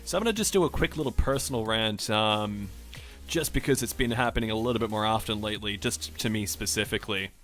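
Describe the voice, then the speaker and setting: A man's voice: fairly low pitch, fast talker, fairly bright tone, faint music behind. A man from Australia rambling in a casual rant over gameplay, with strongly emphasized R sounds and a self-questioning way of talking. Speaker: gaming vlogger.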